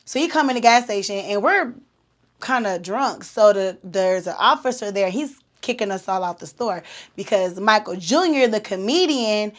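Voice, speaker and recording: A woman, hosting a podcast and telling a story in an animated, slangy way with laughs. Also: medium pitch. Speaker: podcast host. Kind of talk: casual storytelling.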